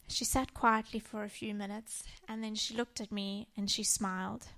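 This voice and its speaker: A woman in her thirties giving a church talk on parenting, telling personal stories gently. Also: on the high side, level tone, moderate pace, few pauses. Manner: warm personal storytelling, gentle. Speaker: church speaker.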